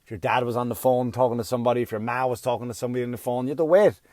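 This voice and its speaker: A middle-aged man doing a stand-up comedy routine, profane and ranting, swinging from muttering to yelling. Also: mid-range voice, steady tone, very fast, no echo.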